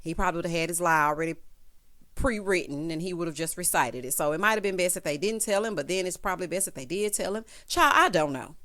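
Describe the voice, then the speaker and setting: A woman's voice: on the low side, expressive, fast talker, a bit bright. A woman recapping a reality show in a chatty, sassy way, full of quips like "child" and "honey". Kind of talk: casual opinionated show recap.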